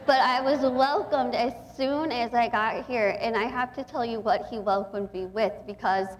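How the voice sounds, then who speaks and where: A young woman in her twenties from Texas speaks to a gathering as a guest speaker. She talks in a chatty, heartfelt way, and her voice sits a little high. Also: steady tone, normal speed, muffled recording, a faint crowd. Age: 20s. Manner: chatty, warm and emotional, with frequent laughs. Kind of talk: inspirational talk to an audience.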